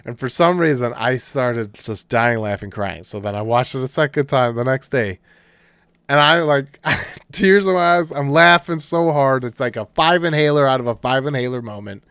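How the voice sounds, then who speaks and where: A man co-hosting a podcast, rambling through animated retellings of comedy sketches with lots of fillers and restarts, laughing as he goes. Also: medium pitch, moderate pace, clear, resonant tone, dry recording, studio quality. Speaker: podcast co-host. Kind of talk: casual chat.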